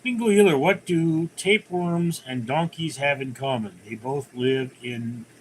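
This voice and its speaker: Male livestream host, mid-pitched voice, loose rambling joke-teller at his home computer. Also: measured pace, slight background noise. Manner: rambling joke-teller, reading viewer comments aloud. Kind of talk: casual livestream chat.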